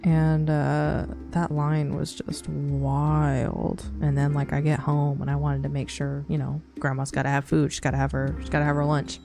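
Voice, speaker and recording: A woman with a low voice and a gravelly, fry-laden edge chats loosely with her stream audience. She rambles, full of fillers. Soft music plays underneath. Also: monotone, moderate pace, hardly any pauses. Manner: rambling, many fillers and laughs. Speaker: streamer chatting with live chat. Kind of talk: casual chat.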